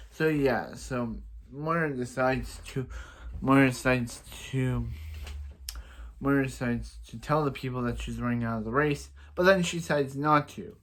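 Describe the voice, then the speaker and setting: A man's voice: mid-range voice, measured pace, a bit bright. Rambling young man recapping a TV episode. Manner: rambling, repetitive, playful with sound effects. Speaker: TV episode reviewer.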